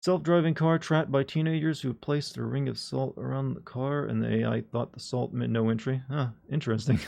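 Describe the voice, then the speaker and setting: A man's voice: medium pitch, fairly even intonation, brisk, vocal fry, darkish tone. A man chatting casually to his live-stream audience, joking and rambling with frequent restarts. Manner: joking, rambling, talks to chat.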